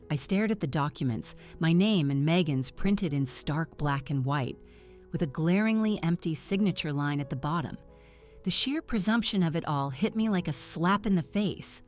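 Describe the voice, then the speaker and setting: A woman telling a first-person drama story with a steady, dramatic delivery. Her voice sits on the low side, with faint background music. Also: moderate pace. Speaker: story narrator.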